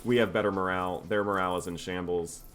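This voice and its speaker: A man casually commentating his own strategy game playthrough in a relaxed, wry, self-mocking way. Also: low voice, fast talker. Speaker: gameplay commentator. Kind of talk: casual let's-play commentary.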